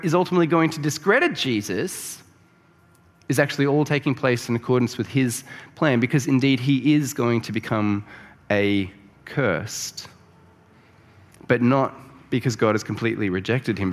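A man preaching a sermon, explaining scripture in a conversational way that builds to emphatic peaks. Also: medium pitch. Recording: long reverb of a large hall.

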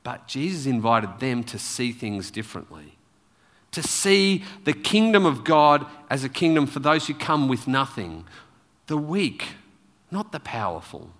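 Lively preacher in a reverberant hall. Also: male voice, medium pitch, unhurried. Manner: lively, animated storytelling delivery. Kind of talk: sermon.

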